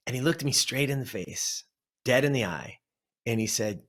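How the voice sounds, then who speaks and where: A man in his fifties from Southern California recounts a story as a guest on an interview show. He is an animated storyteller who acts out his memories. His voice sits at an ordinary male pitch. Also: moderate pace. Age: 50s. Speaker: guest, life coach.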